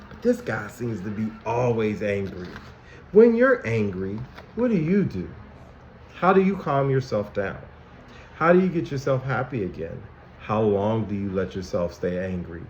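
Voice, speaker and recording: Animated man talking to small children. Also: fairly low pitch, unhurried, a little hiss or hum. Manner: animated, asks children many questions. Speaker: school counselor. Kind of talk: lesson for young children. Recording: dull, echoey room recording.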